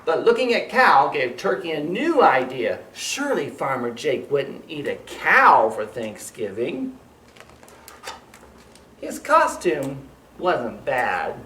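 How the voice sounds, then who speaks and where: Slow, lively man reading to kids. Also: fairly high pitch, distant mic, a little hiss or hum. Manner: slow, lively, sing-song storytelling. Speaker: children's librarian reading aloud. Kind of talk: story time read-aloud for young children. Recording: roomy, from off the mic.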